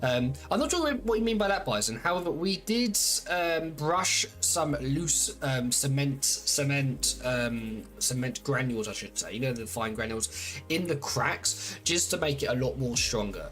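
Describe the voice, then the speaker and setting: A man's voice: mid-range voice, lively intonation, normal speed, fairly bright tone, soft background music. A man streaming a game, chatting casually with viewers in a playful, teasing, rambling way full of fillers and restarts.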